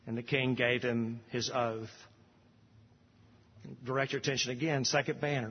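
A man's voice: mid-range voice, steady tone, moderate pace, breathy edge. Man preaching a sermon, emphatic repeated refrains, long hall reverb, dull distant sound. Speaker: pastor.

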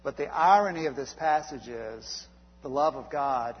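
A man's voice: medium pitch, normal speed, slightly rough, muffled recording. Man preaching in a reverberant hall. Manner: conversational preaching with frequent uhs and restarts. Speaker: pastor. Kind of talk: sermon.

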